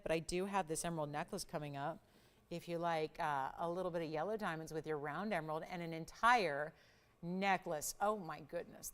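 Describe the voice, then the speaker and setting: Female shopping-channel host, smooth resonant voice, upbeat chatty sales patter. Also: fairly low pitch. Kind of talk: live home shopping sales pitch.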